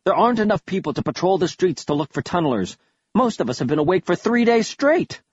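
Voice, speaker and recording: A man's voice: high voice, big pitch swings, fast talker, husky, dry recording, voice pushed up, full character voice. A man voicing a weary male soldier who urgently pleads that the fight is lost. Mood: despairing. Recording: dull lo-fi audio.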